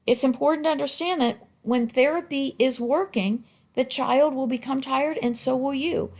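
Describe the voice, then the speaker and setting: A woman, a speech-language pathologist, giving a recorded continuing-education lecture in a measured, explanatory way with small restarts. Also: high-pitched, darkish tone.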